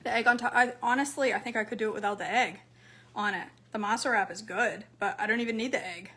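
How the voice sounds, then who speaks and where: A woman's voice: mid-range voice, quick pace, bright, forceful tone, slight background noise. A woman chatting to her viewers while cooking and eating, answering their comments. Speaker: cooking vlogger. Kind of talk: casual cooking vlog chat.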